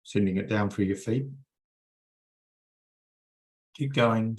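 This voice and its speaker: A man leading a guided energy-healing meditation for a group, coaxing softly and repeating himself, with many fillers. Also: fairly low pitch, a little fast, few pauses.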